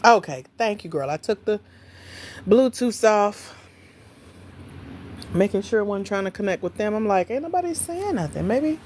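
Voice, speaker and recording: Woman livestream host, animated swooping pitch, chatty, playful, faint background noise. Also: unhurried, long pauses. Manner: chatty, playful, talks straight to viewers. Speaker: livestream host, grants coach. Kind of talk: casual livestream chat.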